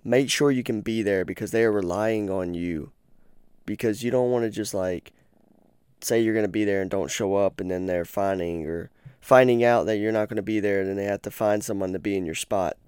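A man's voice: on the low side, fairly quick, a little mellow, clean tone, dry recording. A man rambling in a casual podcast while lying on his bed, swearing often and stumbling over his words. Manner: rambling, profane, frequently stutters and restarts. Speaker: podcast host. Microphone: headphones and corded mic.

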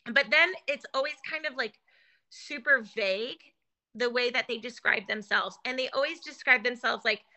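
A woman in casual conversation, telling animated stories with many fillers and restarts. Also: on the high side, moderate pace, rough recording. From California. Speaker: guest.

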